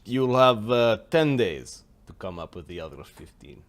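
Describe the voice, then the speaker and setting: A man's voice: fairly low pitch, big pitch swings, moderate pace. A man voicing a shrewd, menacing male bookie with a put-on Russian-style accent and broken grammar.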